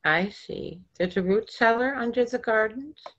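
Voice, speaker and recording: A woman voicing a kind, patient, gentle man with a soft, soothing manner. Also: fairly high pitch, measured pace, voice pushed up. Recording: dull lo-fi recording.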